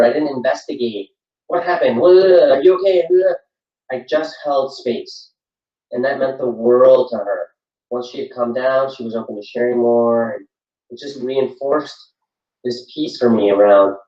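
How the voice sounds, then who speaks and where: A man's voice: medium pitch, a little mellow. Earnest man, echoey room from afar. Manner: earnest, repetitive, reflective. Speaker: parenting workshop speaker. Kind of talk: workshop talk. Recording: echoey room from far off, dull sound.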